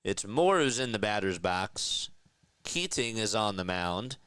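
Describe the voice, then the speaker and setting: Bright-voiced young man calling baseball. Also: sing-song, unhurried, smooth, dry recording. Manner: chatty, reads and answers live chat between pitches; pitch calls rise in pitch and energy. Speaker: play-by-play streamer. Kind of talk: live play-by-play commentary with chat.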